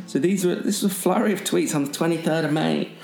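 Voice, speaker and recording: A man's voice: a little high, quick pace, gravelly. A man hosting a podcast, introducing a caller in an easygoing, dry way. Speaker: podcast host. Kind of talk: casual chat. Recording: echoey room with faint music.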